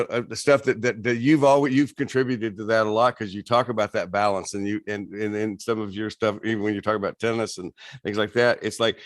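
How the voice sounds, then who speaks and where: A man in casual conversation who describes working with people in his office, talking haltingly with many restarts and repeated words. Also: mid-range voice, fairly bright tone, no echo, studio quality.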